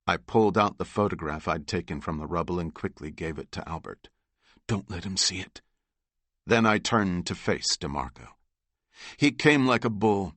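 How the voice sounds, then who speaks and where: A man with a low voice reads a novel aloud in the first person. His telling is steady and measured, recorded dry and close. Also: no echo. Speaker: audiobook narrator. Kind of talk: first-person audiobook narration.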